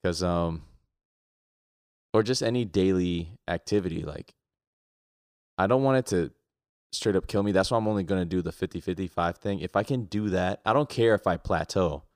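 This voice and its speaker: A man's voice: low-pitched, moderate pace, pauses often, darkish tone, no room sound, studio quality. A young man co-hosting a podcast in casual chat, loose and self-mocking, swearing freely. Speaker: podcast co-host.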